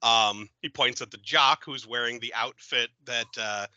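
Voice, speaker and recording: Bright, animated male podcast host. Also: mid-range voice, measured pace, no room sound, low-quality recording. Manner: animated, giggly storytelling. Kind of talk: casual film review chat.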